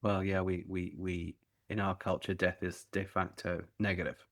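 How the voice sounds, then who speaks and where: A man hosting a podcast, talking in a halting, casual way and repeating words as he gets started. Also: sits low, flat delivery, a bit bright. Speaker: podcast host. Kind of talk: casual interview chat.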